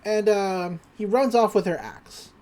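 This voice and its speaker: A woman's voice: medium pitch, unhurried, background noise. A woman hosting a podcast, chattily recapping a cartoon episode with lots of fillers. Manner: chatty, animated, filler-heavy. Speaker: podcast host.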